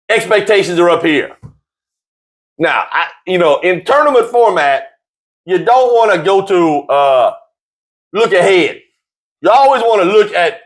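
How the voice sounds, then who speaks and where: Jokey and animated, a man hosts a casual sports talk show. Whenever he gets excited his voice jumps up high, and he has a habit of repeating himself.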